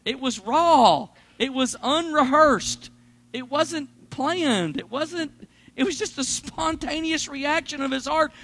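A man preaching a sermon, animated, swinging between loud bursts and hushed asides. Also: extremely high pitch. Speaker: pastor.

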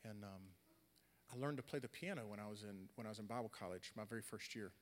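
A young adult man preaching a sermon, swinging from loud, animated storytelling to quiet, earnest talk. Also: lowish voice, quick pace. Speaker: pastor. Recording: long hall reverb.

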